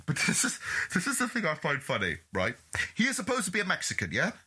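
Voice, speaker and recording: A man hosting a podcast, reviewing a movie in casual chat, ranting with animated swearing and mocking impressions. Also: fairly high pitch, fast talker, husky. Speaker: podcast host.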